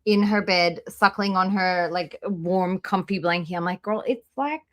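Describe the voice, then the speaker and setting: A woman's voice: lowish voice, level tone, a little slow, fairly bright tone. Wry woman commenting over a clip. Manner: wry, teasing asides. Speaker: reaction streamer commenting.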